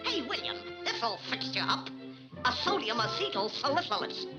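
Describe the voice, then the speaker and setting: A man voicing an excitable, fast-talking male cartoon duck in 1940s cartoon voice acting, with a sputtering, brash delivery. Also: very high voice, loud music behind the voice. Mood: ranting. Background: loud cartoon score.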